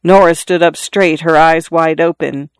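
Audiobook narrator, measured even storytelling, medium pitch, close dry recording. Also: smooth, no room sound. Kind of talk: audiobook reading.

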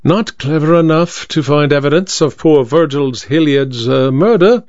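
A man's voice: fairly high pitch, a little slow, a little mellow, no room sound, close to an everyday voice. A man doing a cool, self-assured Victorian detective. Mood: bland. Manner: crisp, bland and self-assured. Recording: dry, slightly dull recording.

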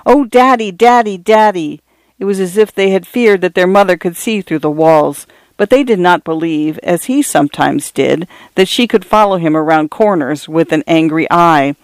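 Man narrating a novel, smooth and dry. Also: a little high, moderate pace, few pauses, no echo. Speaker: audiobook narrator. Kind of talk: scripted literary narration.

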